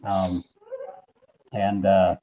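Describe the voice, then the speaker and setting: Southern guy playing a tabletop game online, warm mellow tone, laid back, restarts his words a lot. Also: deep voice, completely flat delivery, extremely slow, slight background noise, poor audio. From South Carolina, USA. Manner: easygoing, repeats words as he thinks. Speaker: player. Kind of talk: casual chat at a tabletop game.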